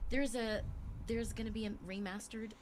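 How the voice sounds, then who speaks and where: A woman's voice: fairly high pitch, fairly even intonation, moderate pace, a little hiss or hum. A woman voice actor chatting as a guest on a livestream, hesitant with many fillers and effusive thanks. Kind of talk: casual chat on a video call stream.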